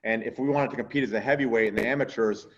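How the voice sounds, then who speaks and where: A man's voice: mid-range voice, fairly even intonation, rapid-fire. A man hosting a podcast in casual chat, rambling with lots of fillers and swearing freely. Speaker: podcast host and strongman coach. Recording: dull lo-fi sound.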